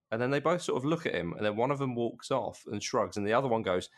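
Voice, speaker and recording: A man talking about a film in a casual podcast chat, lively and full of restarts. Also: mid-range voice, fast talker. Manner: animated, with many restarts and laughs. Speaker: podcast co-host.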